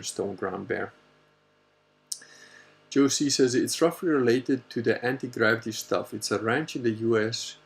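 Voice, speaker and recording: A man hosting a casual Q&A livestream, telling a story in a rambling, animated way and swearing freely. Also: fairly low pitch. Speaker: host answering viewer questions.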